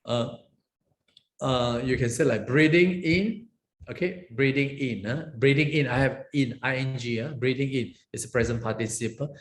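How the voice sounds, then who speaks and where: Monk teaching Pali in an echoey room. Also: male voice, medium pitch, moderate pace, a little hiss or hum. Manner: explains word by word, many fillers and tag questions. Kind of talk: classroom scripture lesson. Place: monastery teaching hall. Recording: echoey room with faint ambience.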